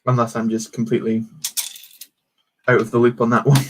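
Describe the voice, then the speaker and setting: A young man talks casually while streaming a build, with a middle-pitched voice. He rambles, reads chat aloud and fills gaps with ums and half-started words. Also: monotone, a little fast, slight background noise. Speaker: live streamer building Lego.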